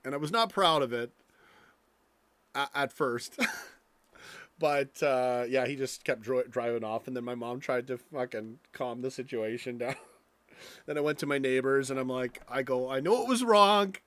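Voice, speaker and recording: A man's voice: medium pitch, fairly even intonation, normal speed, long pauses, fairly bright tone, no echo. A man hosting a live stream, ranting angrily with lots of swearing and rambling stories. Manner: angry, profane, rambling rant.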